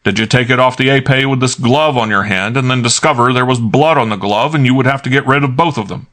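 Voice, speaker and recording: A man voicing a gruff, hot-tempered middle-aged police inspector in an audiobook, clipped and barking. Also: medium pitch, fast, fairly bright tone, voice pushed up, natural voice. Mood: interrogating. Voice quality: barking, clipped, jaw-clenched delivery. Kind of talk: audiobook character voice.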